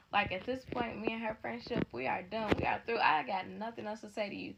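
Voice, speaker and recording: A woman telling a story to her viewers in a sassy, animated way. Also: a little high, brisk, creaky, few pauses, muffled recording, slight background noise. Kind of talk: casual storytime narration.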